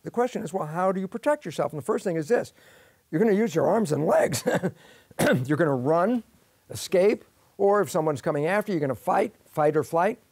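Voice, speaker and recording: A man's voice: sits high, expressive, brisk, darkish tone, breathy edge, dry recording. An older man explaining science in an interview, telling it as a story where he asks and answers his own questions. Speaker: guest expert.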